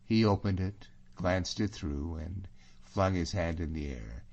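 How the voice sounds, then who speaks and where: A man narrates an audiobook in a low voice and an unhurried, measured way. The recording sounds dull and lo-fi. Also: creaky. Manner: even, measured storytelling.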